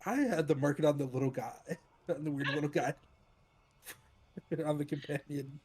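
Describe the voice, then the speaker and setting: A man's voice: fairly high pitch, normal speed, noisy background, natural voice. A man as Bellini, a resigned adventurer. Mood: exasperated.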